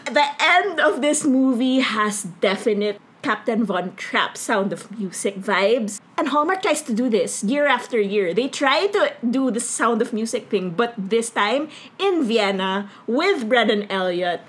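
Woman co-host with a high voice, chatty and giggly. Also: animated, measured pace, few pauses. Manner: enthusiastic, laughing easily. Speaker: podcast co-host. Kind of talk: casual chat.

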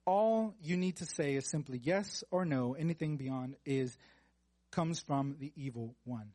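A male preacher with a notably high voice gives a relaxed, conversational sermon. He reads scripture aloud and drops in casual, joking asides between the verses. The sound is close and dry, with no room echo. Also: a little slow. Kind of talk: conversational sermon with Bible reading.

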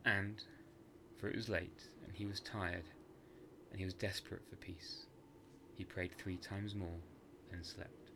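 A man narrating a scripted horror story for a podcast in a measured, hushed dramatic manner. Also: sits low, steady tone, background noise.

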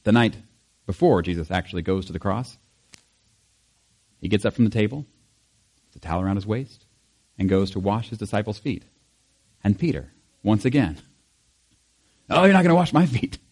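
A male pastor giving a conversational sermon, animated and chatty, acting out quotes with small laughs. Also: lowish voice, normal speed, long pauses, breathy edge.

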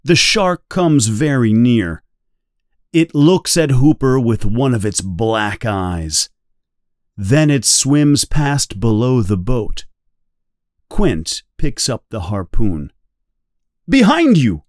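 A man reads a novel aloud slowly and clearly, pacing it for English learners. His pitch rises and falls with lively expression. The voice sits close to the mic in a dry, dead space. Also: no room sound. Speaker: reader. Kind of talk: slow guided reading for English learners.

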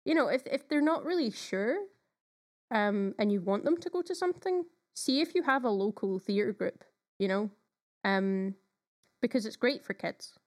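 A woman's voice: medium pitch, lively intonation, moderate pace, a little mellow. A woman co-hosting a podcast in casual chat, talking with enthusiasm and lots of fillers. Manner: chatty, enthusiastic, frequent fillers. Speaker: podcast co-host.

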